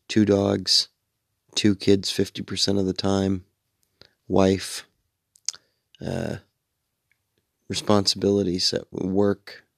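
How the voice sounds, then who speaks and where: Late at night, a tired middle-aged man hosts a radio show, yawning and rambling freely with plenty of swearing. His deep, gravelly voice is slow and monotone with long pauses, captured in clean studio sound with no room around it.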